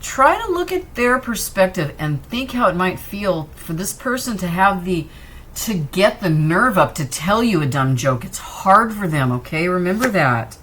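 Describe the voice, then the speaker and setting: Talking directly to the viewer, a woman does a relaxed, chatty tarot reading, offering reassurance as she drifts from card to card. She's on the low side and sing-song, with a measured pace, a bit of brightness and some breathiness.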